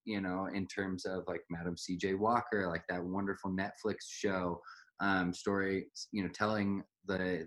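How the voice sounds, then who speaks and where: A young adult man in casual conversation, reflective, talking in long winding sentences. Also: deep voice.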